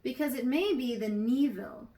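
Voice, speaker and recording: A woman's voice: high voice, moderate pace, warm tone, lightly acted. A woman voicing a mild, thoughtful she-elephant in a storybook reading.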